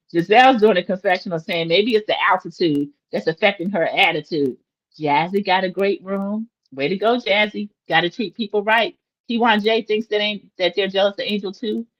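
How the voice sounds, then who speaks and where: A woman in her forties talks through a reality TV episode in a casual, opinionated way, calling out to her viewers. Her voice sits at a middle pitch. The recording is dull and lo-fi, like a home setup. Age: 40s. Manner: opinionated, chatty, addresses viewers as y'all. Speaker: recap host.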